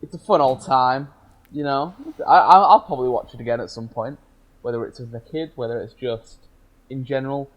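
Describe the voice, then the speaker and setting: Meandering man, mid-pitched. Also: brisk, poor audio. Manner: meandering, fumbles for words. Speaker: podcast co-host. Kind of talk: casual podcast chat.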